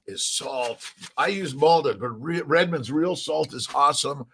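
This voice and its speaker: Upbeat rambling man with gravelly voice. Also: on the high side, animated, normal speed, fairly bright tone, a little hiss or hum. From Southern California. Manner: upbeat, rambling, greets viewers by name. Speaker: livestream host. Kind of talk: casual morning livestream chat.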